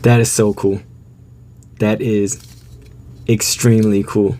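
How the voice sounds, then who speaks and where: A man in an excited unboxing vlog, laughing often and stammering with joy. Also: lowish voice, slow, long pauses, a little hiss or hum. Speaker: vlogger.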